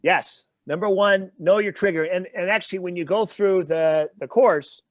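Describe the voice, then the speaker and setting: A man with a high voice speaks at a moderate pace, with no echo, as the guest speaker and trainer in an interview. He explains things using everyday examples and pauses to check in with the listener.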